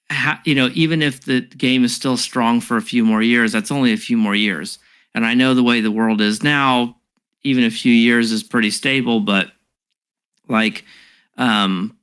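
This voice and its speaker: A man's voice: mid-range voice, fairly bright tone, clear, resonant tone. A man co-hosting a casual podcast chat, thinking aloud and hedging with many fillers. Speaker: podcast co-host. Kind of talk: casual discussion.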